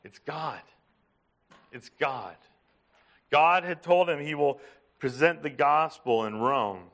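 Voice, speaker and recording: A man preaching a sermon, emphatic, asking his listeners questions and slowing down to stress a point. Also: a little high, fairly bright tone. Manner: emphatic, asks the congregation questions. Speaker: pastor.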